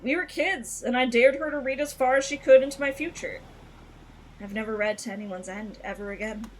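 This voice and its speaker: Lady reading as a haunted young witch who tells fortunes, soft and kinda high, hushed n uneasy. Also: steady tone, brisk, slight background noise, close to an everyday voice, rough recording. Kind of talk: reading game dialogue aloud.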